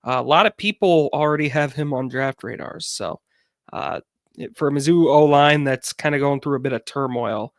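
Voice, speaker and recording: A young man co-hosting a casual sports podcast, talking haltingly with many fillers. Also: medium pitch, no echo, studio quality. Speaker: podcast co-host.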